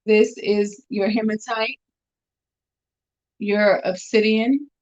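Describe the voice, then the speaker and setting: A woman's voice: medium pitch, steady tone, takes it slowly. Chatty woman selling on a live stream. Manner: chatty, upbeat, talks straight to viewers. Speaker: jewelry seller on a live stream. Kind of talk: casual live sales chat. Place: room at home. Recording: dull lo-fi stream audio.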